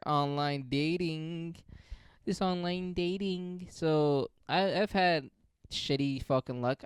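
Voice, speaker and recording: Profane, rambling young man, smooth voice. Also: medium pitch, dry recording. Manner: profane, rambling, self-mocking. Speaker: podcast host. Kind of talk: casual solo monologue.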